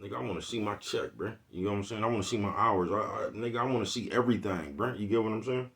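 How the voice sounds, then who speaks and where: Talking fast in a lowish, slightly bright voice, a livestream vlogger rants loosely using streetwise slang. Again and again he asks his audience, "you know what I'm talking about."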